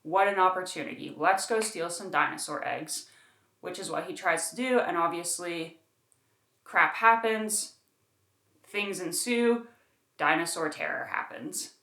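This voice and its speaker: A woman's voice: on the low side, moderate pace, bright, forceful tone. A woman reviewing a book in her own room, chatting casually and emphatically with lots of fillers. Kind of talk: casual chat. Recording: roomy echo.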